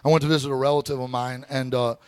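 A man preaching a sermon to a church congregation, telling a personal story in an easygoing way and then rising into shouted, sing-song preaching. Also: medium pitch, level tone, fast, smooth, dry recording. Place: church sanctuary.

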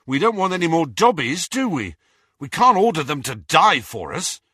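A man's voice: a little high, big pitch swings, normal speed, sharp tone, slightly rough, no room sound, studio quality, pitched above the performer's own voice, exaggerated voice. A man doing a blunt, earnest teenage boy.

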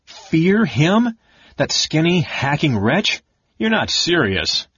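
A man's voice: lowish voice, very animated, moderate pace, slightly rough, no room sound. A man voicing a fierce, scornful warrior woman who snarls her words. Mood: mocking. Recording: dull, dry lo-fi audiobook recording.

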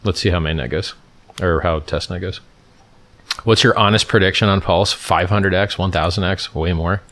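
Deep-voiced emphatic man from California. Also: steady tone, moderate pace, a bit bright. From Stockton, California, USA. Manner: emphatic, repeats phrases and restarts often. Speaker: livestream host answering viewer questions. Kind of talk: casual livestream chat.

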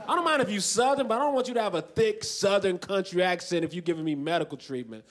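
A man in his late twenties performs stand-up into a handheld mic on a big festival stage. His voice sits fairly high for a man, and his delivery is dry and deadpan, with sudden jumps into loud shouting. The pace is unhurried. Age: 20s. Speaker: stand-up comedian. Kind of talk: stand-up comedy set. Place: large festival stage with a laughing audience.

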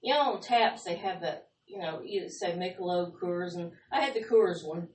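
A woman telling lively, laughing stories in a casual chat. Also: lowish voice, moderate pace. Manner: animated, laughing storyteller, drawling. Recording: echoey room, far from mic, faint noise.

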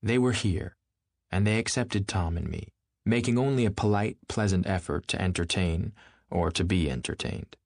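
Deep-voiced man reading a novel aloud. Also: darkish tone, no echo, studio quality. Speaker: audiobook narrator. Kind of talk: scripted literary narration.

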